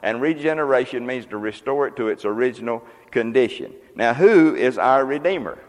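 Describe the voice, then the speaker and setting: A man preaching in a church, talking to the congregation in a folksy, easygoing way and tossing questions at them. His voice sits at an ordinary middle pitch. It carries a long hall reverb. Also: animated, normal speed. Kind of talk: sermon.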